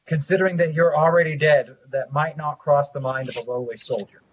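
A game master talking his players through a battle, steady and deliberate. His voice sits a little high and sounds husky. The recording is dull and lo-fi. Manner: measured, with frequent "uh" pauses. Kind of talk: narrating a tabletop game. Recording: dull lo-fi audio.

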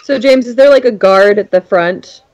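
A woman playing a tabletop role-playing game, talking in a halting, chatty way full of restarts. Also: mid-range voice, a little mellow, muffled recording. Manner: quick, halting, lots of likes and restarts. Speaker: player.

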